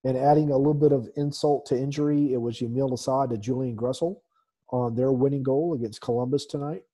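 Man running down soccer scores, mellow voice. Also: mid-range voice, steady tone, a little fast. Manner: reads scores with many fillers, dry sarcasm. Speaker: soccer podcast host. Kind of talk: casual sports talk.

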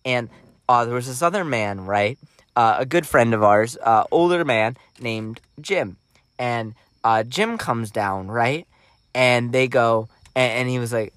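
A young man co-hosting a podcast, telling stories casually, with lots of laughter and loud acted-out quotes. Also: measured pace, dry recording, studio quality. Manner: animated, acts out quotes in loud high voices, laughs often. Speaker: podcast co-host. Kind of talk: casual storytelling chat.

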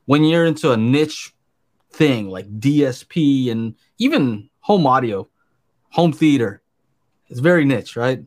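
A man co-hosting a casual podcast, talking in a relaxed, rambling way. His voice sits at an ordinary middle pitch for a man. He drifts from thought to thought with filler words and friendly asides. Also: a little slow. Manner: earnest, rambling, easygoing. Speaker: podcast co-host. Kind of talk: casual chat on a live stream.

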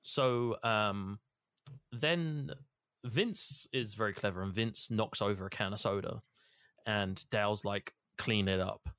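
A man's voice: fairly low pitch, slow pace, a bit bright, smooth, no echo, clean studio sound. A man in casual chat, rambling through a game recap, swearing freely and acting out the characters. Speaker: podcast co-host recapping a game.

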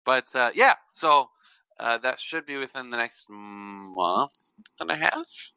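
A man co-hosts a casual podcast, laid-back and joking, with frequent "uh" fillers. His voice is bright and animated in pitch, recorded close on a dry mic. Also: slow pace, creaky, clear, resonant tone, no room sound. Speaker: podcast co-host. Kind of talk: casual chat.

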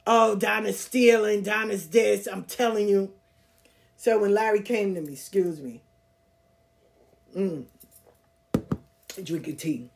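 A woman hosting a podcast, telling stories casually in a blunt, profane, streetwise way and laughing as she goes. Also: mid-range voice. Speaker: podcast host. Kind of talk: casual storytelling.

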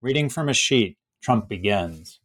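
A male author reading from his book and then reflecting on it, hesitant and full of fillers. His voice is fairly low, and the sound is close and dry with no room behind it. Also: animated, measured pace, a bit bright, no room sound.

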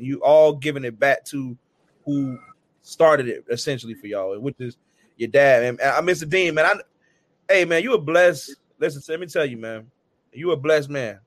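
A man's voice: medium pitch, no echo. A man hosting a casual interview, talking in an earnest, slangy, praising way. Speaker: podcast host.

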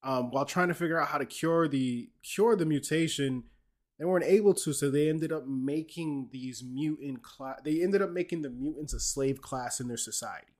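Guy on a podcast, kinda high voice, walking through a game's lore, jokey. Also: normal speed, darkish tone. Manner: explaining a game's story, joking with his co-host. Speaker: podcast host. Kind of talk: casual chat.

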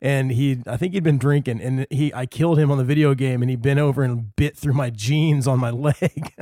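Relaxed male podcast host, friendly, with a dry, close sound. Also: mid-range voice, brisk, dry recording. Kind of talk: casual interview chat.

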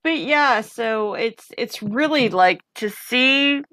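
A woman guest in a casual conversation, telling personal stories in an animated way and acting out the voices of the people in them. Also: on the high side, slow pace. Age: adult mother of a young child. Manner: animated, acts out voices in her anecdotes. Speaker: podcast guest.

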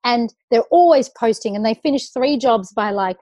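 A woman's voice: a little high, animated, moderate pace, a little mellow, dry recording. A woman, a makeup artist chatting animatedly as a guest, full of fillers and stories. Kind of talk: casual chat.

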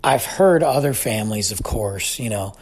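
A man in his forties shares a reflective family story, his voice slightly husky. His pitch rises and falls in a lively way as he talks. He sounds sincere and thoughtful throughout. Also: moderate pace. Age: 40s. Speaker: father telling a family story. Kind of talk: personal reflective monologue.

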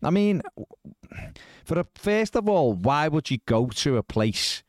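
A man's voice: fairly high pitch, sing-song, unhurried, no echo, studio quality. Wry man reading stories aloud. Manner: wry, incredulous asides while reading. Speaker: podcast host. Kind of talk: casual podcast chat, reading out news stories.

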